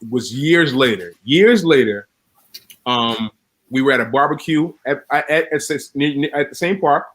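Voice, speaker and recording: A man co-hosting a casual podcast chat, telling stories with laughter and quick restarts. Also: mid-range voice, fairly bright tone. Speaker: podcast co-host.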